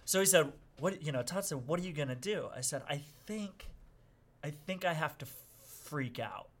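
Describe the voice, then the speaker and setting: A middle-aged man tells a long story to friends, jumping between quiet asides and loud acted-out shouts when he quotes people. His voice sounds bright and clear, and the whole telling stays loose and conversational. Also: a little high, normal speed. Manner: animated, acts out quotes with loud outbursts. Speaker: podcast guest. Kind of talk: casual storytelling.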